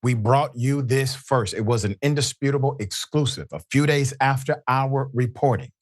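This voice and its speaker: A man's voice: medium pitch, normal speed, no echo, studio quality. A male host giving live news commentary in an emphatic, indignant manner. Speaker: show host.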